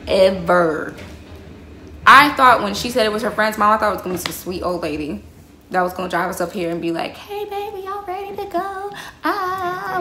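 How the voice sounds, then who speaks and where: Her mid-range voice sounds pushed and bright as this young vlogger, recorded with roomy echo, launches into a heated story full of profanity, addressing her viewers as y'all.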